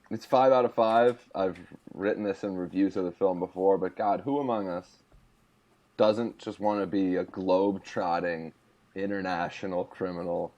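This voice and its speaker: Man, podcast guest, low voice, excitable banter. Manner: excitable, jumps high when joking. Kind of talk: casual podcast chat.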